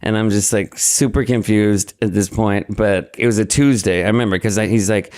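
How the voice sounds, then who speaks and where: A man's voice: fairly low pitch, steady tone, moderate pace, few pauses, a little mellow, dry recording. A man telling a long story as a podcast guest in casual chat, rambling and profane, acting out other people's lines. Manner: rambling, profane, acts out dialogue.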